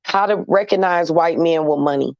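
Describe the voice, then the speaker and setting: A woman's voice: fairly low pitch, normal speed, vocal fry, no echo. A blunt, candid woman speaking, chatting loosely with viewers and slipping into slang. The sound is dry and close, with a dull, slightly muffled tone. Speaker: host talking to viewers. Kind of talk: casual chat to a live audience.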